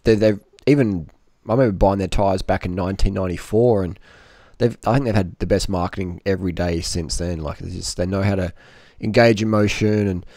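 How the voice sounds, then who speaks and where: A man hosting a podcast, talking in a relaxed, enthusiastic way. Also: low-pitched, fairly quick, few pauses, no room sound, clean studio sound. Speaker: podcast host. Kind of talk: casual chat.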